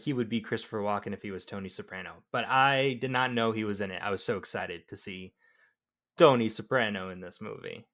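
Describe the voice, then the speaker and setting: A man co-hosts a casual movie podcast, joking around and tossing out quick opinions. He speaks in an everyday, mid-pitched voice. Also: pushed and bright. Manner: jokey, offers hot takes. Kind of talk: casual film discussion.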